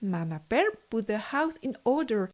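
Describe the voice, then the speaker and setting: A woman narrating a children's fairy tale in a gentle storybook reading. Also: a little high, very animated, moderate pace.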